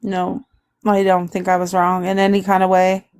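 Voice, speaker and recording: A woman's voice: fairly low pitch, completely flat delivery, moderate pace, darkish tone, slight background noise. A woman with a Canadian accent in a candid, casual livestream chat, laughing often and answering viewer comments. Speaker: livestream guest.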